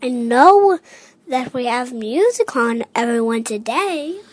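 A woman's voice: fairly high pitch, expressive, unhurried, darkish tone, no room sound. A woman chatting casually, giving short, drifting answers. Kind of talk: casual chat.

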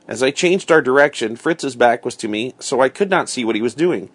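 A man reading a storybook aloud in a steady, expressive storytelling manner. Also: mid-range voice, a little fast, few pauses, breathy edge, dry recording. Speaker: reader.

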